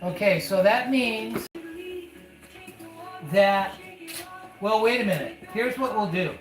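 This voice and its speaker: A man's voice: sits high, takes it slowly. A man hosting a casual live stream as a father, folksy and chatty, calling his listener son. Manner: folksy, calls the listener son, chatty about betting odds. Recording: echoey room with loud music.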